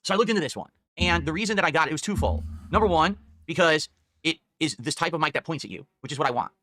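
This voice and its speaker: A man talking viewers through his new microphone, defensive and rambling. He speaks quickly in a bright, sharp voice. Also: on the high side, animated, no room sound, clean studio sound. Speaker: content creator reviewing a microphone. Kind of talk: product talk to viewers.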